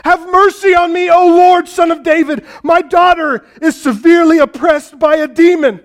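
A man's voice: very high-pitched, steady tone, normal speed, pitched above the performer's own voice. A preacher playing a desperate mother who begs again and again for her daughter to be healed. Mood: pleading. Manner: begging, repeating cries. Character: desperate pleading mother, a Gentile woman.

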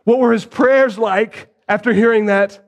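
A preacher retells a story dramatically in his sermon, shifting from hushed tones to loud pleas and posing rhetorical questions to the listeners. His voice sits high with a steady tone and vocal fry, and he speaks a little slowly.

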